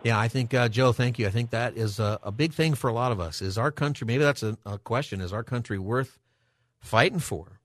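A man hosting a call-in radio show, thinking aloud and halting with ums and restarts. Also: medium pitch, dry recording.

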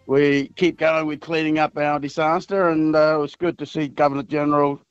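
Middle-aged mayor as a radio guest: easygoing, halting delivery, higher pitch, dull dry phone-like sound. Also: male voice, smooth, dry recording, faint music behind. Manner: relaxed, halting, laughs easily. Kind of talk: casual radio chat.

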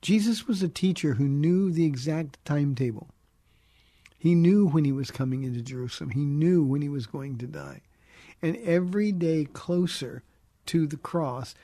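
Earnest pastor man with a husky voice. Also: on the high side, a little slow, warm tone, dry recording. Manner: direct, earnest, with frequent restarts. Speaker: radio pastor answering listener questions. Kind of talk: conversational radio Bible teaching.

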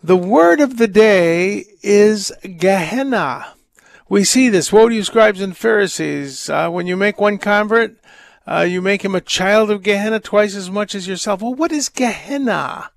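A man hosting a Catholic call-in radio show, reading letters and answering questions in a rambling, halting, wry way. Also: sits high, expressive, creaky, no echo, studio quality. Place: radio studio. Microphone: studio microphone.

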